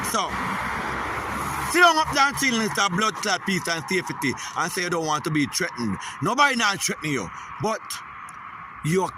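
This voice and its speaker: A man's voice: high voice, background noise. A man with a Jamaican accent giving a heated, profane political rant, repeating "you hear?" often.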